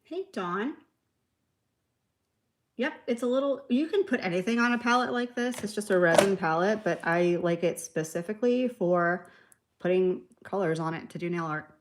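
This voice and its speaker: A woman's voice: medium pitch, moderate pace. Chatty woman hosting a live nail tutorial. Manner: chatty, reads viewer comments, laughs easily. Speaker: nail art livestream host. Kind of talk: casual live tutorial chat.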